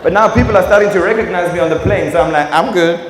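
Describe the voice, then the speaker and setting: A young South African man doing live stand-up comedy, animated and full of impressions and sound effects. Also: high voice, rapid-fire. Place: stage in a large venue. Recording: echoey hall with audience noise.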